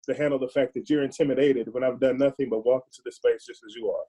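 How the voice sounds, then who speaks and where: Man, podcast guest, mellow tone, husky, earnest, forceful, casual discussion. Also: mid-range voice, steady tone, quick pace, poor audio. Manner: earnest and forceful, with repeated restarts.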